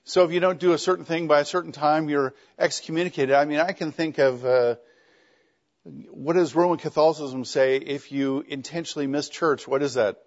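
A middle-aged man leads a classroom discussion in a relaxed, joking lecture style, his voice sitting a little high. The recording is dull and lo-fi, as if captured on a basic mic in the room. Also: moderate pace. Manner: conversational, wry and joking. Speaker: teacher.

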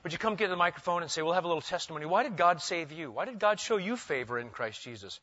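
A male pastor delivering a sermon, animated and asking his congregation questions. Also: on the high side, quick pace, hardly any pauses, dry recording, muffled recording.

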